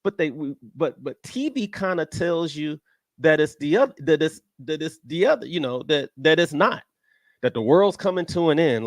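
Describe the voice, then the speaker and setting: An American man hosting a casual stock market chat show, talking emphatically, repeating himself and jumping into high-pitched outbursts. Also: expressive, moderate pace, dry recording. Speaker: stock trading show host. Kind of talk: casual live-stream talk.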